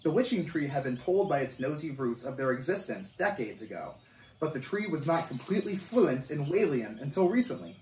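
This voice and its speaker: Brief: expressive male storyteller, slightly high voice, distant mic in an echoey room. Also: fairly quick, slight background noise. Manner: animated, expressive reading. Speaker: camp coordinator reading a story. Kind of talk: storybook read-aloud.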